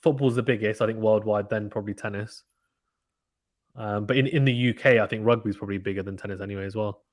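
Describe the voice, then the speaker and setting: A man hosting a live tennis watchalong stream, calling play-by-play with animated reactions and reading chat messages. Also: on the low side. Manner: fast, animated play-by-play, reads chat aloud. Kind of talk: excited casual live commentary.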